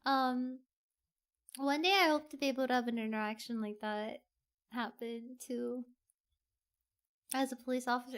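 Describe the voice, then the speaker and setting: A woman's voice: high-pitched, normal speed, long pauses. A woman streamer chatting casually and rambling with gushing enthusiasm, using lots of fillers. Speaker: VTuber streamer.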